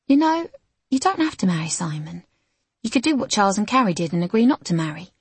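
A woman voicing a caring young woman best friend in an audiobook, gently asking questions. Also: medium pitch, sing-song, fast, husky, dry recording.

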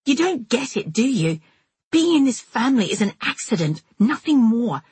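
A woman's voice: a little high, very animated, normal speed, a little mellow, slightly rough, no echo, voice pushed up, full character voice. A woman voicing a hostile young woman, the narrator's sister, who speaks coldly and with biting contempt. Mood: contemptuous.

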